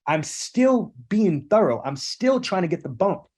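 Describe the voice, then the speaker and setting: Husky, emphatic male sales trainer. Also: high-pitched, sing-song, measured pace, darkish tone. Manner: emphatic, coaching, repeats "again" and "okay". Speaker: sales trainer and podcast host. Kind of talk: energetic sales training with role-play.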